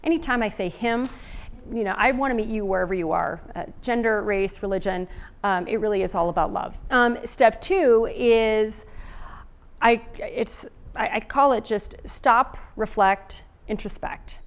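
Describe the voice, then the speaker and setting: A woman's voice: on the high side, measured pace. A middle-aged woman giving a casual, conversational talk on relationships as an author and speaker, with many fillers and restarts.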